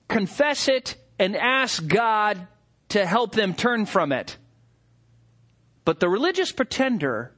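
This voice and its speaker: Animated high-voiced male preacher. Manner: animated, mocking impressions of hypocrites. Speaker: pastor. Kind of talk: sermon.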